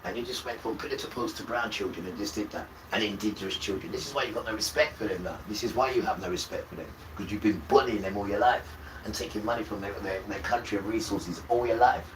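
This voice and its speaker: A man on a livestream delivering an impassioned religious rant, preachy and accusing. He swings from loud outbursts to low muttering. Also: fast. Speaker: livestream host. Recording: roomy, distant mic with loud background noise.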